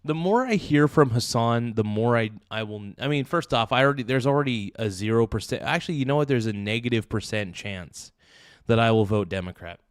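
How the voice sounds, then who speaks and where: A man's voice: medium pitch, expressive, fairly quick, no echo, clean studio sound. A young man hosting a livestream, giving rambling, brash political commentary and calling people "dude". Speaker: livestream host.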